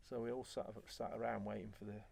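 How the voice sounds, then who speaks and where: Gravelly man telling lively stories. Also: lowish voice, fast. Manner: animated, acts out quoted remarks. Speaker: former footballer guest. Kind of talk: conversational storytelling.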